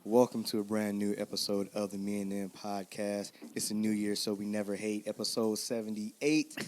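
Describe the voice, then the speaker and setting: Guy cohosting a chill podcast, kinda low voice, laughs a lot, rambly stories. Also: level tone, normal speed, darkish tone. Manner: laughs often, rambling storyteller. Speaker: podcast co-host. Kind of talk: casual chat.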